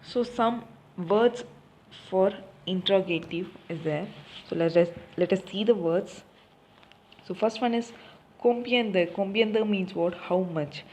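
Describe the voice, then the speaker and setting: A woman's voice: medium pitch, unhurried, a little mellow, a little hiss or hum. A young woman teaching a recorded French lesson. She asks questions and answers them herself, often repeating key points.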